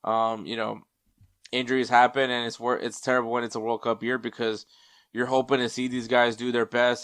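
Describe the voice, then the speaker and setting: A podcast host runs a casual sports show, rambling with plenty of ums and restarts and sometimes turning from the mic to check stats mid-show. His medium-pitched voice is level, fairly quick, fairly bright, clear, and resonant, in studio-quality audio with no room sound.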